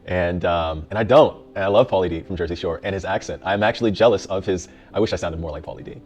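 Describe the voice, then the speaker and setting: Deep-voiced reflective man therapist. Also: fairly even intonation, fast, muffled recording. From the Bronx, New York. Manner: reflective, with many fillers and restarts. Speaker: mental health therapist. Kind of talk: casual introductory talk.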